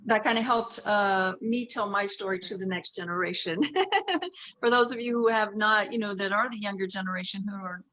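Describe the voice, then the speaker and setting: A woman's voice: medium pitch, steady tone, normal speed, bright, forceful tone, muffled recording. A woman in her fifties from the Los Angeles area telling her life story in a chatty way, often correcting herself. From Los Angeles area, USA. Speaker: interview guest. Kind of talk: casual interview storytelling.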